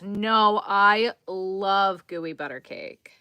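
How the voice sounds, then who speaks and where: Tired woman streamer, bright tone, dry close sound, easygoing chat while crocheting. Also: medium pitch, lively intonation, measured pace, dry recording. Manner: chatty, easygoing, responds to viewers while crocheting. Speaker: crochet livestreamer. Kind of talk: casual livestream chat, reading chat comments.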